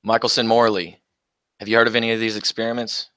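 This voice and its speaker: A young man with a low voice hosts his own livestream through a close, dry mic with no echo. His tone is level yet sharp, and he talks at a quick pace. He meets chat comments with combative, profane mockery, laughing frequently and casually jabbing at viewers.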